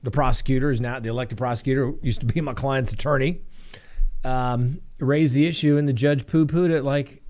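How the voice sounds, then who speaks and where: A man's voice: medium pitch, fairly even intonation, a little fast, a little mellow. A middle-aged man, a defense attorney hosting a live show, telling courtroom stories casually and acting out the voices of the people in them. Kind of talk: casual live-stream storytelling.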